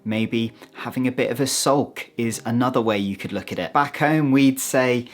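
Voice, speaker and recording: A British man talking to camera in a vlog, expressive and playful, with sudden jumps up in pitch for emphasis. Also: normal speed. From United Kingdom. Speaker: vlogger.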